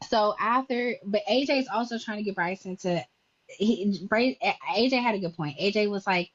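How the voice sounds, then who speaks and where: A woman tells a long gossip recap in a quick, tumbling rush and slips in and out of quoted voices. Her audio is dull and dry, like a lo-fi stream. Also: medium pitch, no echo. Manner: rapid storytelling, acting out quotes. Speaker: recapping livestream drama for a panel.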